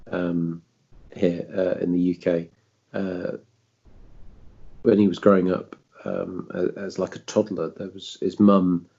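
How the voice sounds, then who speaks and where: A man's voice: deep voice, vocal fry, dark tone, slightly rough, lo-fi sound. A man with a southern English accent hosting a casual podcast chat, telling a story in a rambling, hesitant way and swearing freely. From south of England. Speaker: podcast host.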